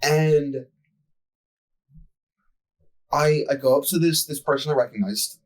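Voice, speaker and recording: A man's voice: a little high, takes it slowly, rough recording. A young man telling a profane, exasperated story in casual podcast chat as co-host.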